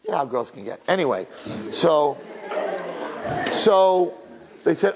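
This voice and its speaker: A man giving a sermon as a rabbi, telling a story in an animated, dramatic, conversational way. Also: on the high side, takes it slowly, pauses often, noisy background.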